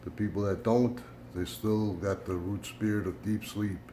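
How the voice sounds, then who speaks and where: An older man with a fairly low voice hosts a YouTube channel, rambling to the camera at home through a story full of "uh"s and "um"s. He acts out both sides of a conversation, his voice rising as the retelling gets animated, at a moderate pace over a faint hum.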